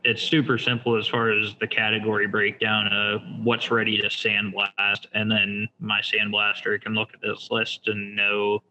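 A man with a low, bright-edged voice walks through his shop's software, speaking in a flat, even tone. He explains step by step, leaning on fillers. The recording is dull and lo-fi with a faint hiss. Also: normal speed, hardly any pauses. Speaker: shop owner demonstrating software. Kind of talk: casual screen-share demo.

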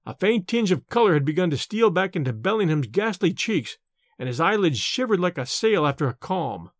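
A man narrating a story, reading in a vivid, expressive way. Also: high-pitched, brisk, no echo, studio quality. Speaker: audiobook narrator. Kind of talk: scripted narration.

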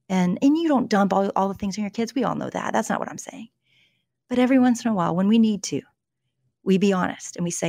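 A woman's voice: medium pitch, fast talker, mellow, dry recording, clean studio sound. A middle-aged woman, an author speaking as a guest in an interview. She talks in an earnest, storytelling way, with frequent restarts. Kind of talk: conversational interview about faith and emotions.

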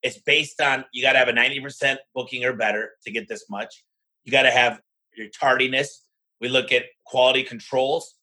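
A man who owns a home services business, talking in a lively podcast conversation and acting out the exchanges he has with other owners. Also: medium pitch, brisk, low-quality recording. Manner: animated, acts out his own conversations in quoted voices.

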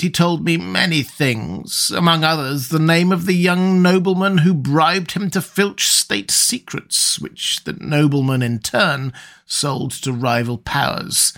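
A man voicing a cunning, calm older priest, speaking in a measured, slow way. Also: on the high side, creaky, voice pushed up. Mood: mocking. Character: cunning older male priest, cool and sly. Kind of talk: audiobook character reading.

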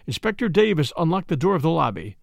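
Gravelly, expressive male audiobook narrator. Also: on the high side, fast, dry recording, clean studio sound. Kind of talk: scripted narration of a novel.

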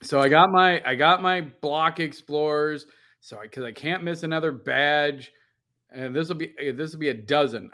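A man co-hosting a podcast in casual chat, telling a long animated story full of "like" and casual swearing. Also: mid-range voice. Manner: animated, rambling storyteller with lots of "like". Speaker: podcast co-host.

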